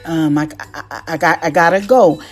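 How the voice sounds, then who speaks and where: A woman's voice: deep voice, moderate pace, soft background music, voice pushed down, close to an everyday voice. A woman voicing her young adult daughter in a raised, casual and upbeat way while retelling a dream.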